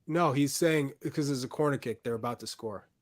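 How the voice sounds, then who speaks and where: A man giving blunt, excitable analysis while watching a match live with others. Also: mid-range voice, brisk. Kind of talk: casual watch-along chat.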